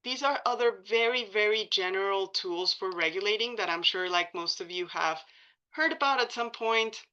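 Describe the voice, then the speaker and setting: A woman's voice: medium pitch, moderate pace, pushed and bright, dull audio. A woman presenting a training session at a community meeting, speaking casually with frequent fillers and self-corrections. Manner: casual, many likes and ums, self-correcting.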